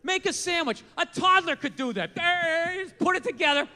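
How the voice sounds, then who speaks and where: Loud mocking man, very high voice. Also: animated, normal speed. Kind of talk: mocking stand-up style rant. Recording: reverberant hall sound.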